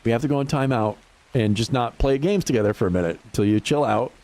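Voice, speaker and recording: This fifty-something man livestreams casual chatter at a fast clip, his pitch medium. Animated throughout, he curses without restraint and laughs frequently.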